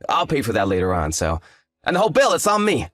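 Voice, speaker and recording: A man's voice: medium pitch, huge pitch swings, fast, a bit bright, no room sound, soft background music. A man voicing an arrogant, hungover young fiancé who talks in a lazy, condescending, sarcastic way. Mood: smug. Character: arrogant hungover male fiancé, dismissive and smug. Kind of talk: scripted story drama.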